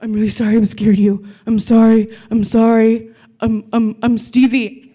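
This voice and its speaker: A dim-witted young thug, as a woman puts him on, stammering over every phrase and repeating himself. He talks loudly and bluntly in a fairly high voice for a man. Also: flat delivery, moderate pace, natural voice. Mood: apologetic.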